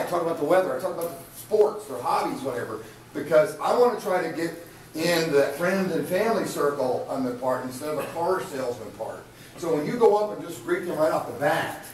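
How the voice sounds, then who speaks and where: A man's voice: a little high, animated, a little fast, distant mic, a little hiss or hum. A man leading a live sales training session, chatty and coaching, often repeating his words. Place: training room with an audience. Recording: echoey room from afar.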